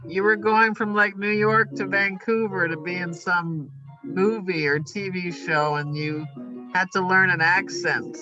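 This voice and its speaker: A man's voice: sits high, steady tone, a little slow, lo-fi sound, over music. A man interviewing someone over a call, prompting with short questions. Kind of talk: casual interview. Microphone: video call.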